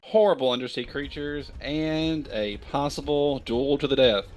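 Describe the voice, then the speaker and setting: Man, game master, tabletop stream host, upbeat, introduces each player, mid pitch. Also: measured pace.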